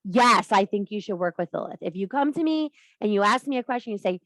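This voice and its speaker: A woman's voice: medium pitch, lively intonation, fast, few pauses, fairly bright tone, no echo. A woman giving a blunt, emphatic spiritual talk to the viewer, swearing freely and lecturing. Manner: preachy, addresses viewer directly. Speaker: spiritual teacher. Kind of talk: spiritual monologue to camera.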